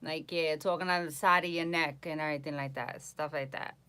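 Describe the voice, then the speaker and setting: A woman's voice: low voice, fairly even intonation, a little fast, bright, forceful tone, smooth. Chatty woman with a New York accent. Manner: chatty, answers viewers' comments, trails off and restarts. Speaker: psychic reader livestreaming. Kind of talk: casual livestream chat.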